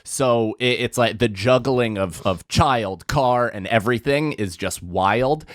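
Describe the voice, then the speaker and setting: A man's voice: medium pitch, unhurried, no room sound, clean studio sound. A man in his thirties hosting a podcast, telling an exasperated, profane comic story and acting out both sides of a phone call. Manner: exasperated, profane, animated rant with voiced impressions. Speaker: podcast host. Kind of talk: casual comedic storytelling.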